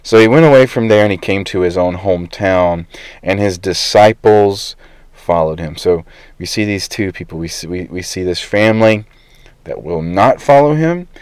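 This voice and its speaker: A man's voice: lowish voice, a little mellow, smooth, dry recording. A man in his thirties, a pastor preaching a conversational sermon with frequent fillers.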